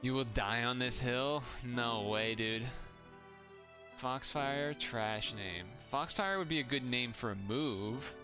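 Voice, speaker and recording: A man's voice: medium pitch, slow, music in the background. A man streaming live, chatting casually and reacting aloud to what he watches.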